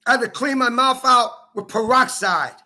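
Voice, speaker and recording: A man's voice: extremely high pitch, moderate pace, pushed and bright. A man from Minnesota delivering an angry, accusing personal rant, profane and repetitive. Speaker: vlogger.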